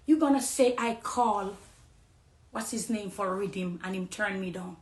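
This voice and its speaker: A woman with a Jamaican accent gives an impassioned testimony, pleading one moment and loud and emphatic the next. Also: mid-range voice, a little slow, reverberant.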